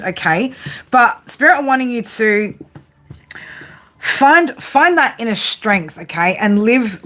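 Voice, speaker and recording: A woman's voice: mid-range voice, a bit bright. A young woman giving a casual, profane tarot reading, chatting to her viewers and to spirit as she goes. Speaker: tarot reader.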